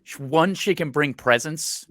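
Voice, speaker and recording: A man joking around as a panelist on a comedy game show, excitable and prone to loud squeals. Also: on the high side, measured pace, crowd noise. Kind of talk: joking banter. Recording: noisy livestream audio.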